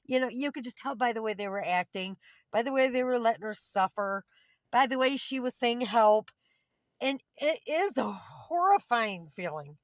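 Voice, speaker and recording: A woman's voice: a little high, expressive, moderate pace, no echo, studio quality. Rambling candid woman in her fifties. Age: 50s. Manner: rambling, candid, gets heated. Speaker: vlogger. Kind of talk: casual selfie vlog. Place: parked car. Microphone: phone camera.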